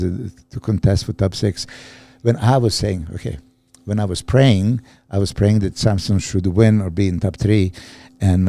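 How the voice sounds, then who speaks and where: A man co-hosting a casual podcast chat as a bodybuilding coach, talking haltingly with many restarts and fillers. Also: fairly low pitch, gravelly, warm tone.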